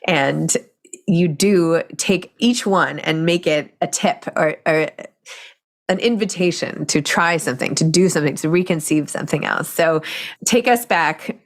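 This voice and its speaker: Deep-voiced woman hosting an interview. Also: a little slow. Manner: gentle, considerate questioning. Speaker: interview host. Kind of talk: conversational interview.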